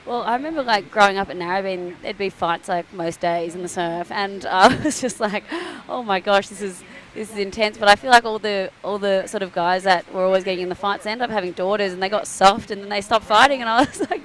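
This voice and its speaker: A young Australian woman, a surfer, chatting casually on a live broadcast, telling stories with lively acted-out quotes and laughter. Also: mid-range voice, fast, hardly any pauses. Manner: bubbly storyteller, acts out quoted voices, laughs often. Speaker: surfer commentator. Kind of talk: casual chat. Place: outdoors at a beach event.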